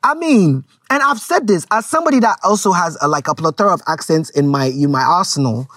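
A woman's voice: fairly low pitch, animated, fairly quick, dry recording, clean studio sound. A woman with a Ghanaian accent gives frank, rambling casual commentary to her viewers, slipping Twi words into her English.

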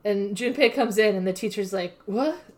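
A woman co-hosting a casual podcast, recapping episodes in a playful, deadpan way with lots of "like". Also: mid-range voice, a little fast. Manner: playful, deadpan summarizing with frequent "like". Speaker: podcast co-host. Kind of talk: casual anime recap chat.

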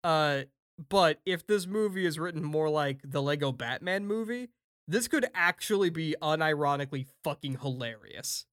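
A man co-hosting a casual chat, animated and opinionated, laughing often and swearing freely. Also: a little high, moderate pace. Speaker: podcast co-host.

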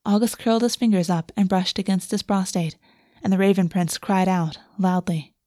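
Woman narrating a story, soft and steady, mellow voice, dry close mic. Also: medium pitch, normal speed, no echo. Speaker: audiobook narrator. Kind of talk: scripted narration.

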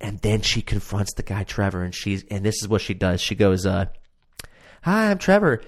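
Man, fairly low voice, sarcastic, swearing a lot, exasperated casual rant. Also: little pitch movement, brisk. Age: adult. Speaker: show reviewer. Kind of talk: casual ranting commentary.

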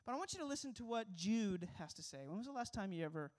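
A man's voice: sits high, sing-song, fast, darkish tone. Earnest young male pastor preaching. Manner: earnest, emphatic preaching with rhetorical questions. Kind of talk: sermon.

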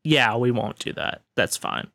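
A man with a gravelly, bright edge to his voice, recorded dry and close. He talks politely and haltingly, filling gaps with ums and rephrasing himself. It's an improvised comedy scene. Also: medium pitch, expressive, dry recording. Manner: polite and hesitant, full of ums and restatements. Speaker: improv scene partner playing an Earth negotiator.

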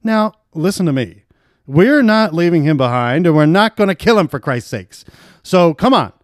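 A man's voice: on the high side, normal speed, dry recording, clean studio sound, lightly acted. A man doing a campy, flamboyant convict. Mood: theatrical. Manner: showy, animated pleading. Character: campy, theatrical male convict, flamboyant and kind.

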